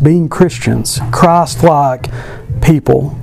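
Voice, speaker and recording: A man's voice: fairly high pitch, slow, vocal fry, a little mellow. A man giving a casual devotional talk to a Bible class, asking many rhetorical questions and adding joking asides.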